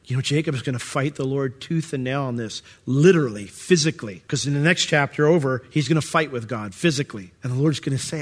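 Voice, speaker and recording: A man's voice: mid-range voice, fast talker, few pauses, long reverb tail. A middle-aged male pastor preaching a sermon in a conversational way, acting out the voices of God and of ordinary listeners. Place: church sanctuary.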